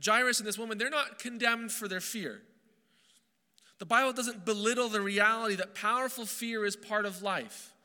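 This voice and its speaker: Bright-voiced male pastor in a reverberant hall. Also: high voice. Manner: earnest, emphatic, with frequent restarts and slowed stressed phrases. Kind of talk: sermon.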